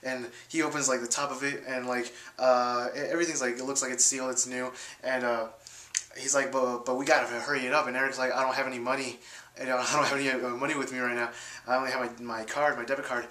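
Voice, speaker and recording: A young male vlogger with a mid-range, level voice talks quickly, sounding bright and forceful in a reverberant space. He rambles through a story for his viewers with plenty of fillers and restarts, raising his voice to act out quotes.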